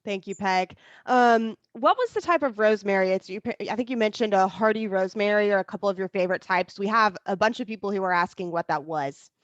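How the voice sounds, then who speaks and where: A woman's voice: medium pitch, brisk, hardly any pauses, dry recording. A woman moderating a class, politely reading out audience questions. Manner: polite, friendly, reads questions aloud. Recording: dull dry lo-fi audio.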